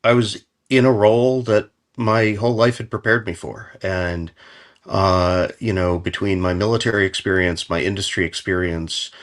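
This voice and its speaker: An American man, a guest on an interview podcast, telling a story in a lively, casual way with many fillers, restarts and chuckles. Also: low-pitched, normal speed. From United States. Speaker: podcast guest, company founder.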